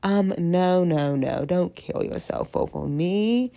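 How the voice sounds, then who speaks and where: A young woman vlogger with a stuffy head cold rambles through a casual confessional chat, joking at her own expense. Her voice sits on the low side, gravelly and dark, with lively intonation and a slow pace.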